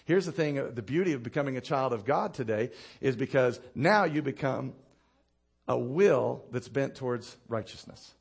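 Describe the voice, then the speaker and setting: Here a male pastor delivers a sermon at a moderate pace, his voice gravelly, husky and expressive. He animates his stories, chuckles at his own anecdotes, goes low and quiet to drive points home, and calls on the congregation for responses.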